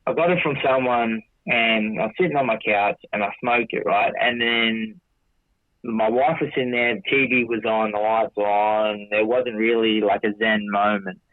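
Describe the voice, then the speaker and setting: A man's voice: lowish voice, fairly even intonation, normal speed, dry recording. Rambling man on a tinny line. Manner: rambling, restarts, quotes himself in dialogue. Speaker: podcast guest. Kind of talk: casual storytelling with profanity. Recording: dry tinny phone-like audio.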